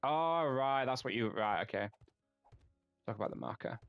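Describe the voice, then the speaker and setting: A man with a Yorkshire accent chatting casually with viewers while streaming a game, friendly and quick to laugh, stumbling over names. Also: medium pitch, animated, smooth, no room sound, narrow, tinny audio, faint music behind.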